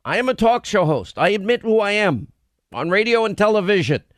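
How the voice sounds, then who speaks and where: A combative man hosting a talk radio show, his voice pitched high for a man. He talks with biting sarcasm and rattles off lists of accusations. The sound is dry and close, with no room around it. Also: very animated, a little fast, no room sound. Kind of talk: opinionated radio talk monologue.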